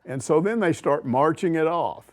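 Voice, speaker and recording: An older man, hosting a sports talk show and telling a story in an animated way. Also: a little high, normal speed. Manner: animated, acts out quotes with voice shifts. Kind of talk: casual storytelling chat.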